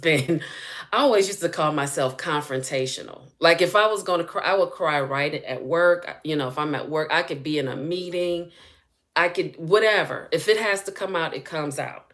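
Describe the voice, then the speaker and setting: A deep-voiced woman, a spiritual healing coach, talks in a casual live-stream chat. Her manner is chatty and lively, with frequent laughter.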